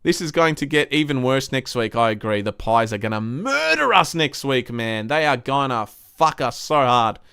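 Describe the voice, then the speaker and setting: A man's voice: medium pitch, sing-song, moderate pace, gravelly, few pauses, bright, forceful tone, clear, resonant tone, no echo, clean studio sound. A young man hosting a live stream, reading viewer comments and ranting bluntly with lots of swearing. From Australia. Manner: blunt, swears a lot, frustrated.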